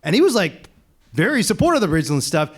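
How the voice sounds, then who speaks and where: Fast-talking animated male activist. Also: sits high. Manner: animated, fast, laughing storyteller. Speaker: panelist, animal rights activist. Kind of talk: casual panel talk.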